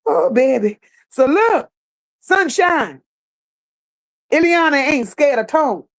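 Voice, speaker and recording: A woman hosting a reaction channel, gossiping in casual commentary and reading chat comments, animated and laughing. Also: high voice, slow. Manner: animated, laughing, gossipy with playful put-on voices.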